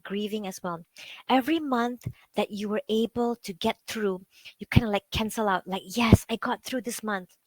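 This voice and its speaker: A woman with a Malaysian English accent gives a conversational talk as a psychology coach. Her voice sits fairly high and sounds dry and close, with no room around it. She keeps it chatty, fills gaps with "like" and turns often to her listeners with questions. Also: no room sound, low-quality recording. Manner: chatty, peppers speech with "like", asks the audience questions.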